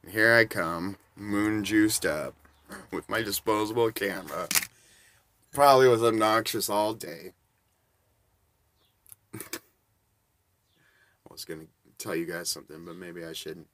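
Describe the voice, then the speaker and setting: A man's voice: on the low side, unhurried, long pauses, a bit bright. A man in his forties telling rambling, casual anecdotes and chuckling between bits. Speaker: storyteller.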